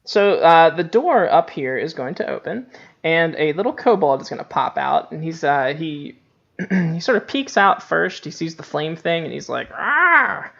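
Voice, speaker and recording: Gravelly-voiced male dungeon master, easygoing and rambling, on muffled lo-fi stream audio. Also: a little high, animated, normal speed. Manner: laughs often, many fillers. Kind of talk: narrating a tabletop game.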